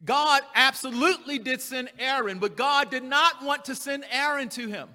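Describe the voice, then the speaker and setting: A man preaching in a church sanctuary, his voice high and strikingly bright. He preaches with emphasis and slips into the voices of the scripture figures. Long reverb hangs behind every word. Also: moderate pace. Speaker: pastor. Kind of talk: sermon.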